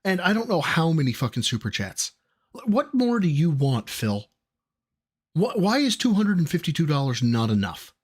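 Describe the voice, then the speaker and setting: A man's voice: fairly high pitch, sing-song, moderate pace, husky. A man hosting a reaction stream, commenting in an exasperated way and swearing often. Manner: exasperated and heavily profane. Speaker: stream host reacting to a video.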